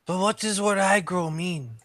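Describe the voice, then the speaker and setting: A looming, naive giant of a man, played by a tabletop gamer who speaks in stiff, formal sentences. His voice stays quiet and measured. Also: sits high, dry recording, studio quality, voice pushed up. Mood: puzzled. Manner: formal, stilted, literal-minded. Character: large looming naive formal male stranger.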